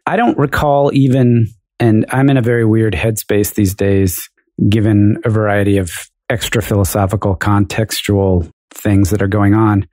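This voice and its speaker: A man's voice: lowish voice, level tone, normal speed, darkish tone, no room sound. A man co-hosting a podcast who talks in a joking, self-deprecating way. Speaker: podcast co-host. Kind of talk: casual philosophy discussion.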